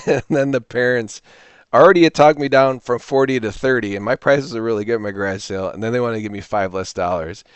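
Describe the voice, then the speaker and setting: A man hosting a reseller channel, chatting casually and telling a rambling, animated story with quoted voices. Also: medium pitch, brisk, clear, resonant tone, no echo. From Illinois, US. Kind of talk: casual talking-to-camera vlog.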